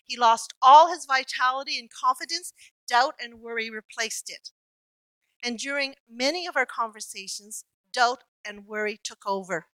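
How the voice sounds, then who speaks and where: A woman preaching a sermon, telling a personal story in an earnest, reflective way with slow emphatic pauses. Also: fairly high pitch, sharp tone, no echo, poor audio.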